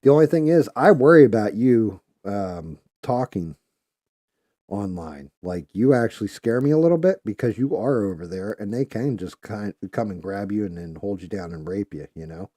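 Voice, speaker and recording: Blunt host, low dark voice, dry close sound, swears freely. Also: male voice, lively intonation, moderate pace, dry recording. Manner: blunt, profane, defiant. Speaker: live show host. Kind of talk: casual live-stream chat.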